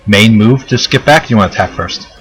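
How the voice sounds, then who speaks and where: A man as game master, explaining rules in a relaxed way with many fillers. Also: fairly low pitch, fast talker, low-quality recording. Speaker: dungeon master. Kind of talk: running a tabletop game.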